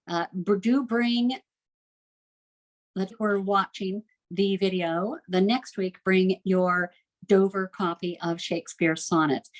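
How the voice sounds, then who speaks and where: Woman lecturer, somewhat low voice, friendly enthusiastic classroom delivery with many "uh"s. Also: low-quality recording. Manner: chatty and enthusiastic, with frequent "uh" fillers. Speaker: literature teacher. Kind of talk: recorded homeschool lecture.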